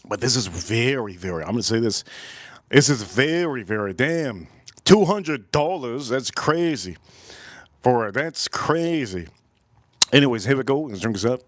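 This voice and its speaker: A man hosts a whiskey tasting livestream in casual, profane chat. He rambles, repeats phrases and breaks into sudden loud bursts. His voice is mid-pitched and sits dry and close to the mic. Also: animated, unhurried, no echo. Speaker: whiskey reviewer and livestream host.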